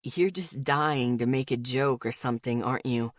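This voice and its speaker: A woman voicing an earnest, protective teenage boyfriend in an audiobook, speaking low, soft and intimate. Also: moderate pace, no room sound, clean studio sound. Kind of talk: audiobook character voice.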